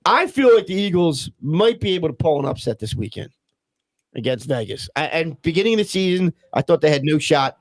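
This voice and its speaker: A man's voice: fairly high pitch, sing-song, a little fast, dry recording, low-quality recording. A man with a Philadelphia accent hosting a casual sports podcast, joking and blunt. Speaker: podcast host.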